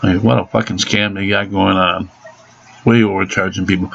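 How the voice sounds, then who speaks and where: A man's voice: lowish voice, a little fast, creaky, fairly bright tone, dull audio. A man venting angrily in a profane vlog monologue about his car being repaired. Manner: angry, cursing constantly.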